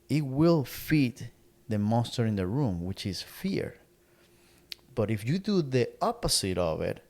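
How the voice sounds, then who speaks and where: A man's voice: on the low side, a little mellow. A middle-aged man co-hosting a podcast, speaking earnestly in casual motivational chat and repeating words as he searches for phrasing. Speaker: podcast co-host.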